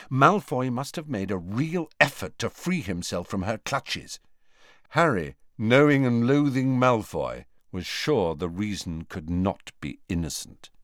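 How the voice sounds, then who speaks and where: A man narrating an audiobook with expressive storytelling on a close studio mic. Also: mid-range voice, no echo. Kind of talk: scripted narration.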